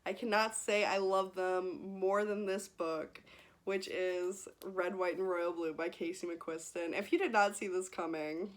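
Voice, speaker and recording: A woman's voice: on the low side, fairly even intonation, unhurried. A young woman in her twenties chatting casually in a book vlog, gushing and emotional, laughing often and close to tears. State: teary, close to crying. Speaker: book vlogger.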